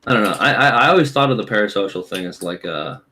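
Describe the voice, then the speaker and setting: A man's voice: on the low side, expressive, fast, bright, forceful tone. A young man in his twenties chatting casually and thoughtfully while playing a game with a friend. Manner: thoughtful, musing. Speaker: gamer co-host.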